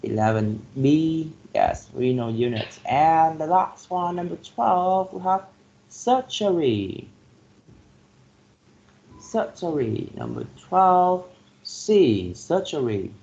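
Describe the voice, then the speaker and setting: A male teacher going through a vocabulary exercise, slowly repeating each word and filling pauses with "like" and "okay". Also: a little high, expressive, vocal fry, dark tone. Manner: slow, repeats words to drill pronunciation; filler-heavy, says "like" and "okay" often. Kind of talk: classroom lesson on word stress. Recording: dull lo-fi classroom recording with faint noise.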